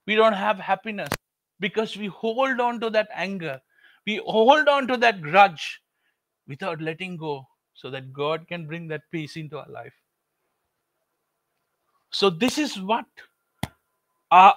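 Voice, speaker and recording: A man's voice: high voice, lively intonation, a little slow, long pauses, a bit bright, no echo. A man preaching a sermon, earnest and repetitive, telling a story to make his point. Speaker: pastor.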